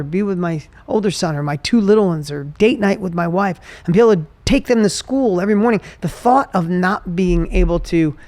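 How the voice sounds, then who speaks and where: A man hosting a podcast, telling a personal motivational story with energy, his voice dropping low and soft when he turns emotional. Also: no room sound. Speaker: podcast host.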